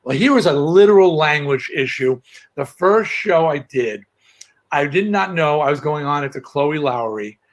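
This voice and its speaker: A middle-aged man chatting as a guest on a video call, telling lively stories with frequent restarts. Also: on the high side, normal speed. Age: middle-aged or older. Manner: animated storyteller, frequent restarts. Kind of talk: casual chat.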